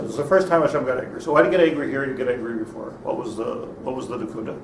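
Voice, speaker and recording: Rabbi in an echoey classroom. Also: male voice, medium pitch, lively intonation, racing, hardly any pauses. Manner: thinks aloud, questions the class, many restarts. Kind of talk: interactive Torah class. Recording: echoey room, far from mic, faint noise.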